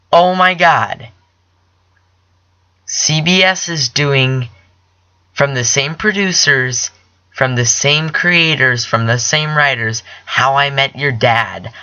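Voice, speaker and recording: A young man hosting his own podcast, chatting about TV shows in a rambling, excitable way and correcting himself often. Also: mid-range voice, clear, resonant tone, lo-fi sound. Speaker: podcast host. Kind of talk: casual solo chat about TV shows.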